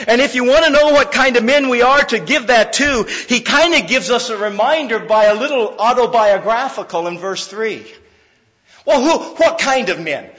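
A man preaching a sermon in an emphatic, conversational way, swinging between loud, pressing lines and hushed ones, with frequent fillers. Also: very high-pitched, long reverb tail, lo-fi sound. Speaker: pastor.

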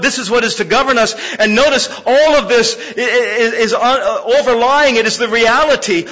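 A man preaching a sermon as pastor, repeating words for emphasis and swinging from loud, pressing lines down to soft, quiet ones. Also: very high-pitched. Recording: muffled recording with long hall reverb.

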